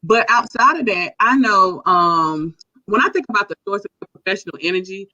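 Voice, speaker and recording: A woman guest chatting casually, slangy and animated as she tells stories. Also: mid-range voice, normal speed. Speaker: guest entrepreneur. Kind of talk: casual chat. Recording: dull lo-fi sound.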